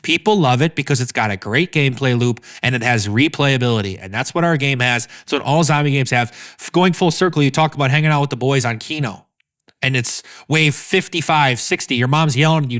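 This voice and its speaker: A man's voice: mid-range voice, fast talker. A man who founded a game studio, talking energetically in a casual podcast interview, swearing freely and acting out quoted voices. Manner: energetic, profane, acts out quotes.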